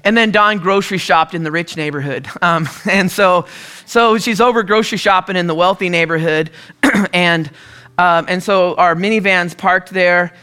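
A man from the US Northwest preaching a conversational sermon, telling stories and often clearing his throat. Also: high-pitched, moderate pace, bright, forceful tone. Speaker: pastor.

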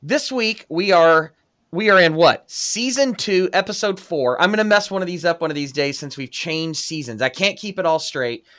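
A man's voice: a little high, animated, moderate pace, pushed and bright. A man hosting a podcast, casual and self-deprecating as he opens the episode and chats. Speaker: podcast host. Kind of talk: conversational interview.

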